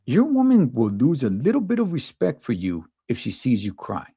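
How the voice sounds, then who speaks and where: A man hosting a casual talk show, animated and repeating himself when worked up. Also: mid-range voice, moderate pace, husky, no room sound, clean studio sound. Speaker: podcast host. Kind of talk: casual opinion chat.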